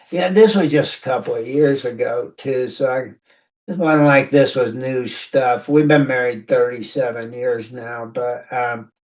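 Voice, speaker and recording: A man who is a guest on a recovery podcast, telling a personal story in a candid and quietly reflective way, speaking over a remote call. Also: medium pitch. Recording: distant, muffled remote audio.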